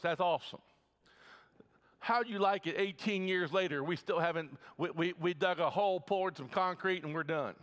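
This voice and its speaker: A pastor from the Midwest preaching a sermon in his church, energetic, with frequent stammered restarts. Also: on the high side. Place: church sanctuary.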